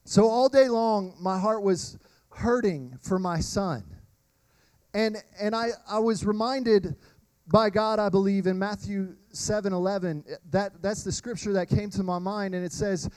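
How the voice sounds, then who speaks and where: A man, preaching a sermon and telling animated personal stories to the congregation. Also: high-pitched, measured pace, smooth, no room sound, poor audio. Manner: animated storytelling, addresses crowd as y'all. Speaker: pastor.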